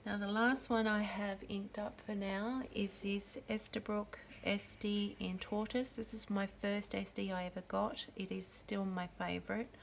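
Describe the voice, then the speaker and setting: A woman walks through her pen collection at an unhurried pace, naming each one gently. Her voice sits at an ordinary middle pitch. Faint room noise stays in the background. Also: level tone, creaky. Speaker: pen and ink channel host. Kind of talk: slow show-and-tell narration.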